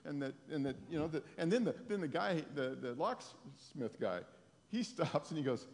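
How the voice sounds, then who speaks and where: A man telling a lively testimony story to a congregation, laughing often. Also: a little high, moderate pace, long reverb tail.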